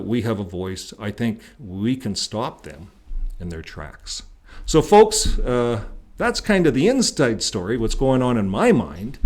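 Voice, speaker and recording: A man's voice: fairly low pitch, a little mellow. A man from Canada hosting his own channel, talking casually to viewers in a folksy, rambling way, with filler words and restarts. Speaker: YouTube channel host. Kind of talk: casual vlog talk to viewers. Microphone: desktop mic while screen recording.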